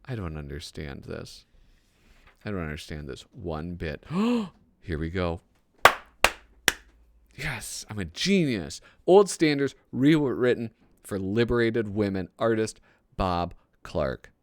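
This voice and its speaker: A man with a low voice that jumps around a lot, reading old magazine gags aloud in casual comedic commentary. He chuckles often and makes self-deprecating asides, recorded in a dry, close space. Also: very animated, takes it slowly, a little mellow, no echo.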